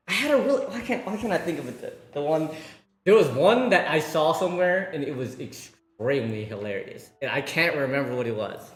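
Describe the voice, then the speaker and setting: A man streaming and chatting casually, rambling, swearing and laughing as he tells stories. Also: mid-range voice. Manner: rambling, profane, laughing storyteller. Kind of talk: casual livestream chat. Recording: roomy room with faint music.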